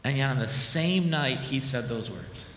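A man's voice: unhurried, a little hiss or hum. Man preaching in a reverberant church. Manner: animated preaching, dropping low and soft for dramatic quotes. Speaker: pastor. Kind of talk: sermon. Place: church sanctuary. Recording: echoey hall with long reverb.

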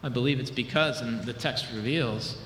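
A male pastor preaching a sermon, animated, dropping low and quiet for dramatic retellings. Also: normal speed, a little hiss or hum. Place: church sanctuary. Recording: echoey hall with long reverb.

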